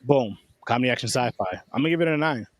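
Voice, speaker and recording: A man co-hosting a casual movie review chat, excitable and swearing freely. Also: mid-range voice, quick pace, no echo. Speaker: podcast co-host.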